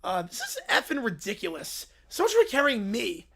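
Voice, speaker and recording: A man's voice: very high voice, huge pitch swings, moderate pace, gravelly, pushed and bright, slightly rough. A man hosting a livestream, chatting casually, joking and reading a crude story aloud. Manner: joking, laughing, crude asides. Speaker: livestream host.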